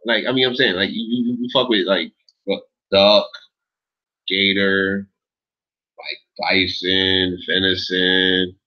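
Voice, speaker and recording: A man's voice: deep voice, flat delivery, slow, dull audio. A man hosting a late-night casual livestream, chatting with viewers in a laid-back, rambling way, swearing often and filling his talk with "like" and "yo.". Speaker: livestream host reading chat.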